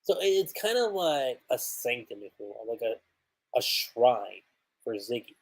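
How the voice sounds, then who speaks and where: A man hosts a relaxed livestream, reviewing a new manga chapter and thinking aloud as he goes. His voice is a bit husky, and his pitch swings up and down as he talks. He stops and restarts often, and he laughs along the way. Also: measured pace, rough recording.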